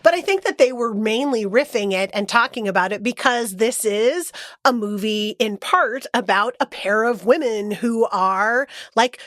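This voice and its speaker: A woman's voice: on the high side, unhurried, fairly bright tone, no room sound, studio quality. A woman co-hosting a podcast, chatting casually with enthusiasm and frequent giggles. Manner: enthusiastic, giggly, lots of fillers. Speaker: podcast co-host. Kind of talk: casual chat.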